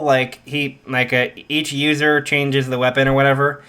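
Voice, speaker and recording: A man's voice: mid-range voice, fairly even intonation, normal speed, few pauses, a bit bright. Rambling man telling a fan story. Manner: rambling, full of "like" fillers.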